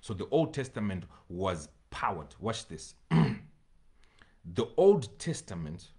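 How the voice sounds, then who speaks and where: A pastor preaches to his congregation, reading scripture slowly, repeating phrases for emphasis, and at times pleading with them directly. His voice is fairly low and darkish in tone, and he is very animated.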